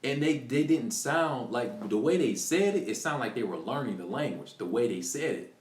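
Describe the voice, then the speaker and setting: Animated man telling a story in an echoey room. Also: medium pitch, moderate pace. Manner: animated, excited retelling with restarts and acted quotes. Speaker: live streamer. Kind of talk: casual storytelling to viewers. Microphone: computer mic on a live stream.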